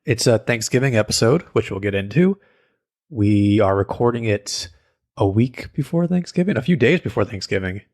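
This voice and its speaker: A man's voice: lowish voice, animated, normal speed, a little mellow. A man co-hosting a podcast in casual chat, playful and punning, with a stuffed-up nose. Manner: playful, jokey, makes puns. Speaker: podcast co-host.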